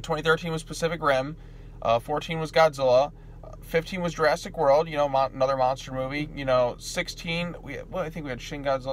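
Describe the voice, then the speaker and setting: Young male vlogger, mid-range voice, loose offhand movie review with lots of fillers, faint noise behind. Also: mid-range voice. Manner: rambling, full of fillers and restarts. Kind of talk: casual spoken movie review. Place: theater parking lot.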